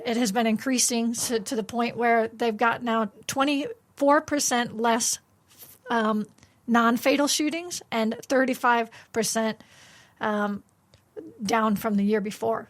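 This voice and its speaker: A woman co-hosting a faith radio breakfast show, chatting casually and often pausing with fillers. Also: on the high side. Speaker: radio co-host.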